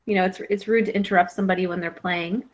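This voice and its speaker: A woman playing a character in a tabletop game, speaking gently and hesitantly with many pauses. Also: lowish voice, fairly even intonation, poor audio. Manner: slow, hesitant, gentle, full of pauses and fillers. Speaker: player.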